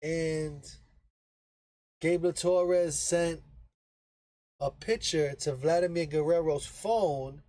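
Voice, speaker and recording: A man with a high-pitched voice talks baseball in a loose, rambling way, checking in with "right?" after nearly every point. He speaks slowly and repeats himself for emphasis. The sound is dry and close, with no room around it. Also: fairly even intonation, mellow, no echo, rough recording. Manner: rambling, explains with frequent "right?" tag questions. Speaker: baseball podcast host. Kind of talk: casual sports talk.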